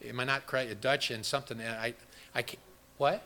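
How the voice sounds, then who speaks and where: A man's voice: mid-range voice, fairly even intonation, brisk, sharp tone. A man preaching an interactive Bible study sermon, rambling with restarts and quizzing his congregation with questions.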